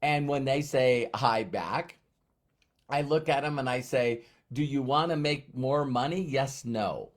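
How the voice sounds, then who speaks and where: A man's voice: mid-range voice, close to an everyday voice. A man putting on the voice of an enthusiastic, pushy male business mentor who fires off questions emphatically. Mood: insistent. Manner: emphatic, rapid-fire questioning.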